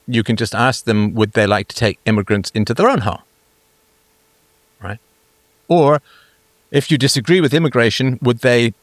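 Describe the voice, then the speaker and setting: This livestream host has a fairly low-pitched voice and no echo in the audio. Chatting casually and reading comments, he rambles and pokes fun at himself, with lots of fillers and false starts.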